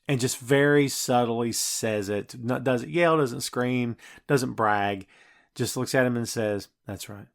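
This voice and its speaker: A man's voice: medium pitch, steady tone, a little slow, creaky. A man hosting a podcast and recapping a film scene by scene in casual, enthusiastic chat full of fillers. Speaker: podcast host.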